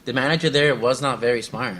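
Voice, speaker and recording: A man's voice: medium pitch, fast, sharp tone, a little hiss or hum. A young man co-hosting a casual chat, rambling through workplace stories and acting out his coworkers' lines with lots of laughter. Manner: rambling storyteller, acts out quoted coworkers, laughs often. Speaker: podcast co-host.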